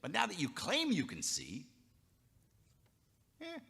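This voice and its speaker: A man voicing a calm, wry teacher who speaks slowly and evenly. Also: sits high, gravelly, breathy edge, voice pushed up, heavily acted. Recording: reverberant chapel hall.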